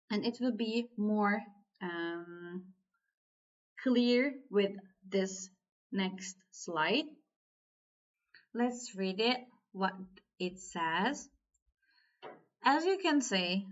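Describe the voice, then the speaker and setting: A woman with a Turkish accent teaching a language lesson, explaining word order slowly and reading example sentences aloud. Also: fairly high pitch, a bit bright, dull audio.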